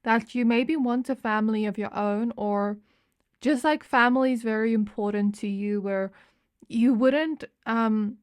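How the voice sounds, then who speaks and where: A woman's voice: on the high side, a little slow, clean tone. A young adult woman giving a pick-a-card tarot reading, chatty and meandering, with fillers and restarts. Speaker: tarot reader.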